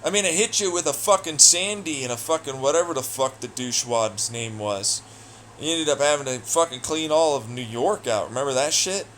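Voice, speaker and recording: A man ranting alone in an audio blog, profane, taunting and hostile, swinging between loud jeers and low muttering. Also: brisk, slight background noise. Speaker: audio blogger. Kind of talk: angry solo rant.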